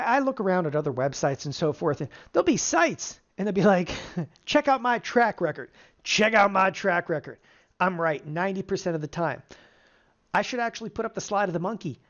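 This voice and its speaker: Middle-aged trading coach on a live webinar, pumped up, keeps quizzing the crowd, kinda muffled sound. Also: mid-range voice. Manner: energetic, fires rhetorical questions at the audience. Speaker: options trading instructor. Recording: dull lo-fi webinar audio.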